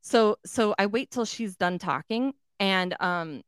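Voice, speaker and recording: A woman's voice: mid-range voice, slow, clear, resonant tone, no room sound, clean studio sound. A woman in her thirties telling a story in casual chat, blunt and full of swearing. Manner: blunt, profane, animated storytelling. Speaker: podcast co-host telling a story.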